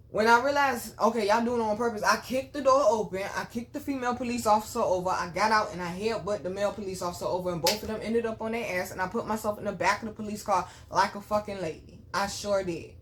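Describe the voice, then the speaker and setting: A young woman hosts her own channel, talking fast in a mid-range voice with hardly any pauses. She tells a personal story to camera bluntly and profanely, addressing her viewers directly, over slight background noise.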